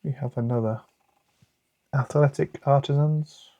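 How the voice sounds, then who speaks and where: A man's voice: mid-range voice, fairly even intonation, measured pace, warm tone, no echo, lo-fi sound. A British man with a British accent hosting a casual card-opening video, chatting and muttering asides to himself. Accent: British English. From United Kingdom. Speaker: card collecting channel host.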